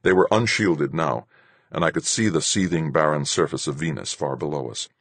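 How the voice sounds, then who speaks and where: A man narrating a first-person story in a measured, even storytelling voice. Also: extremely low pitch, husky, no room sound. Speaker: audiobook narrator.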